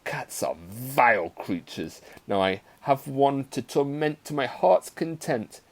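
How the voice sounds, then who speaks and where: A man reading a story aloud, voicing a little girl who talks in a cute sing-song but turns to a deeper snarl. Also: sing-song, slow, full character voice. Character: sugary little girl, secretly cruel.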